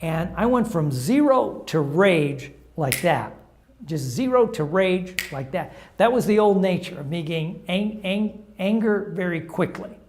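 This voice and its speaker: A man's voice: sits high, animated, a little slow, a little mellow. A middle-aged man giving an informal talk on recovery steps, sharing stories in a conversational, anecdotal way. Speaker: recovery program speaker.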